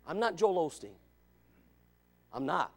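High-voiced fiery preacher man. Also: big pitch swings, unhurried, creaky. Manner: preachy, repetitive, builds to shouting. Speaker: Baptist preacher. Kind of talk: fiery Sunday school sermon.

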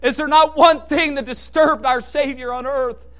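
High-voiced, impassioned male preacher. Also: fairly even intonation, normal speed. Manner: impassioned, swinging from hushed lows to shouted peaks. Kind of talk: sermon.

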